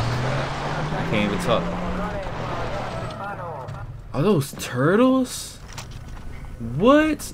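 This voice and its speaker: A young man commentating his game playthrough, excitable and yelling at the game. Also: mid-range voice. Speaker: gamer. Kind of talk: let's play commentary. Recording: game music behind.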